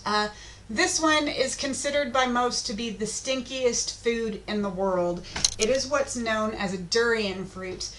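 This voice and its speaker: Woman teacher, slightly high voice, easygoing classroom chat delivered online. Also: unhurried, a bit bright, a little hiss or hum. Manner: chatty, informal, with filler ums. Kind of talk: online lesson.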